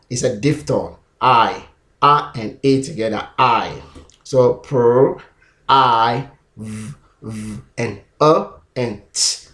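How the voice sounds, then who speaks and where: A man's voice: medium pitch, echoey room. A man teaching an English pronunciation lesson, sounding out and repeating each sound several times on his own camera. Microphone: self-recorded camera.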